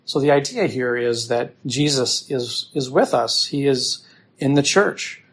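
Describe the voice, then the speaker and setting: A man, teaching as a pastor through a scripture passage in a relaxed sermon, repeating himself with fillers as he explains. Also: medium pitch, measured pace, slightly rough.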